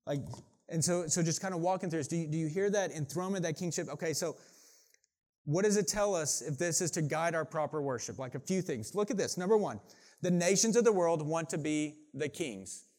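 A man's voice: a little high, lively intonation, fairly quick, darkish tone. Man preaching a chatty sermon. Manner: conversational, frequent "like" and restarts. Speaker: pastor.

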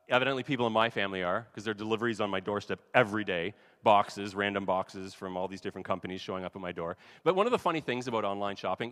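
A man's voice: on the low side, fairly bright tone. A man preaching a sermon as pastor, talking in a casual, conversational way with asides. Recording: long hall reverb.

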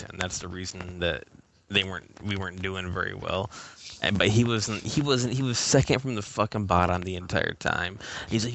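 A man's voice: low voice, a bit bright. A man co-hosting a casual podcast, rambling through a gaming story with lots of swearing and exasperated outbursts. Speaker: podcast co-host. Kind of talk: casual chat.

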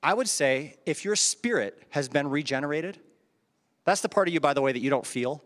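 A pastor preaches into a handheld microphone in a reverberant hall, conversational, asking rhetorical questions and chuckling at his own asides. His voice is a little high, a bit bright, expressive and fairly quick.

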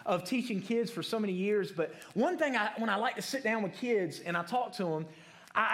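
A man gives a conversational sermon to adults, his voice high for a man and a bit bright. He thinks aloud, repeating words and restarting often, and keeps asking the room questions, ending points with "right?"

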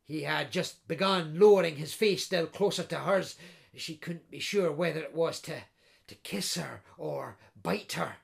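A man's voice: on the high side, a little slow, vocal fry. A man narrating a thriller audiobook with vivid, dramatic storytelling that builds tension through action scenes.

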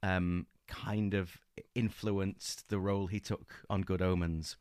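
Rambling, enthusiastic low-voiced man. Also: little pitch movement, takes it slowly, darkish tone, clear, resonant tone, no echo, studio quality. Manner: enthusiastic, rambling with many fillers and restarts. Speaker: podcast co-host. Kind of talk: casual book-club chat.

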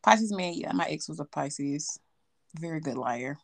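A woman's voice: low voice, lively intonation, a little slow, gravelly. Hesitant young woman chatting casually. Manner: hesitant, self-correcting, laughs a lot. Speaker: podcast co-host. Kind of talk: casual chat.

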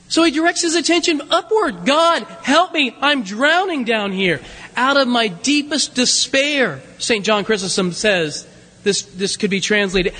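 A pastor delivering a sermon, earnest and animated, reading scripture with dramatic emphasis. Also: male voice, very high-pitched. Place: church sanctuary. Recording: long church reverb.

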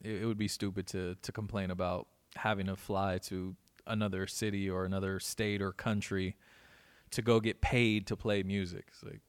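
A man's voice: sits low, flat delivery, moderate pace, smooth. A man in his thirties, a guest DJ in casual chat, talking loosely with lots of swearing and restarts. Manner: loose and profane, many restarts.

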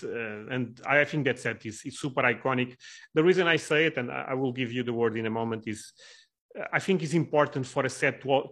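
A man's voice: medium pitch, a bit bright, husky. Hesitant man hosting a podcast chat. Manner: hesitant, many restarts and fillers. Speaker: podcast host. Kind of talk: casual podcast interview.

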